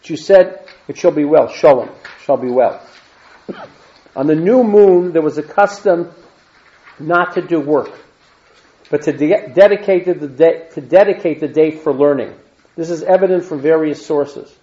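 A man's voice: a little high, a little mellow. A man reading scripture aloud and explaining it as a Torah teacher, breaking in with plain asides and Hebrew terms. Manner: reads verses then adds plain asides and Hebrew terms. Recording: dull lo-fi recording.

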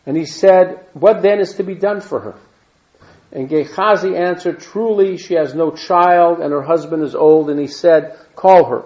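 A man's voice: a little high, normal speed, a little mellow. A man reading scripture aloud and explaining it as a Torah teacher, breaking in with plain asides and Hebrew terms. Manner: reads verses then adds plain asides and Hebrew terms. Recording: dull lo-fi recording.

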